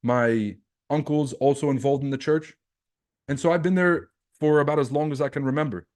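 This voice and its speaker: A man's voice: fairly high pitch, steady tone, moderate pace, a little mellow. A man from Lebanon hosting a livestream as a trading coach, talking bluntly and animatedly to viewers, with swearing and rhetorical questions.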